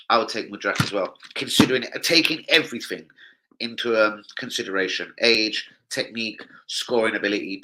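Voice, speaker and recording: A man's voice: on the low side, pushed and bright, poor audio. A man, hosting a football live stream in a brash, sweary, joking way. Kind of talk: casual live-stream chat.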